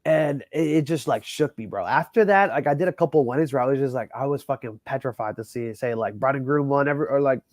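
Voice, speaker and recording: A man working as a wedding DJ tells a story in casual chat. He talks in an animated, profane way and says "bro" and "like" constantly. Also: medium pitch, fast talker, few pauses, no room sound, studio quality. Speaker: wedding DJ guest.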